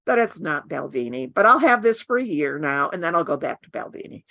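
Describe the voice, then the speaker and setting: A woman's voice: sits low, big pitch swings, brisk, fairly bright tone, no echo. An older woman, a guest artist, chatting frankly with wry asides. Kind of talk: casual chat.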